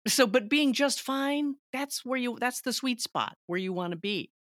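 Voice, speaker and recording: A woman co-hosting a film podcast, talking in an animated way with lots of restarts and quoted lines. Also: fairly high pitch, normal speed, no room sound, studio quality. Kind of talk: casual chat.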